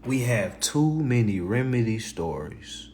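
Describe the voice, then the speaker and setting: A man hosting a livestream in a blunt, profane, passionate rant, repeating himself and swinging between loud and low. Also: lively intonation, unhurried, slight background noise. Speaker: livestream host.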